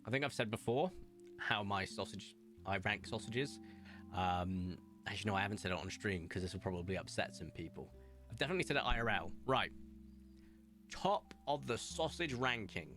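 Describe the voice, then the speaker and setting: Chatty English man, low voice. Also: normal speed, fairly bright tone, soft background music. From England. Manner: chatty, enthusiastic, rambling, laughs often. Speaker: streamer. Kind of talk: casual stream chatter while gaming.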